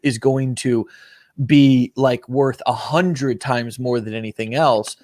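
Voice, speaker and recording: A man's voice: mid-range voice, fairly even intonation, takes it slowly, a little mellow, no room sound. Rambling man hosting a dry-sounding podcast. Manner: rambling, repeats words, earnest. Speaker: podcast host. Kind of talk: casual motivational chat.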